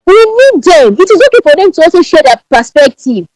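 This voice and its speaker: A woman from Ibadan with a Nigerian Yoruba accent, speaking as a guest on a podcast in an emphatic, animated way and often repeating words. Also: very high voice, fairly quick, no echo, rough recording. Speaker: podcast guest, branding strategist. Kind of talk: podcast interview.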